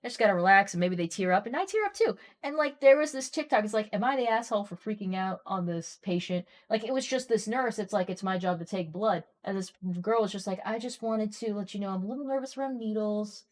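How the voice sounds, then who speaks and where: A woman streamer chatting casually and telling a long story, getting animated and worked up as she rambles. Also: mid-range voice, fast, hardly any pauses.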